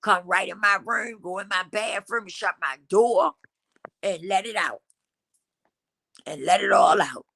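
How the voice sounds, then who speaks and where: Bright-voiced woman preaching to viewers. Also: medium pitch, unhurried, creaky, pauses often, no echo. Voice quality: slightly congested from a cold. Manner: emphatic, preachy, addresses the audience as y'all; African American Vernacular English speech. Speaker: livestream host. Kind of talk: casual motivational talk to viewers.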